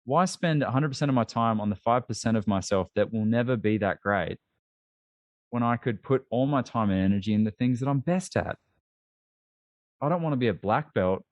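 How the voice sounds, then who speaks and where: Lively Australian man, dry close sound. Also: medium pitch, no echo, dull audio. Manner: animated, emphatic and self-deprecating. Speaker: podcast guest. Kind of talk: casual interview chat.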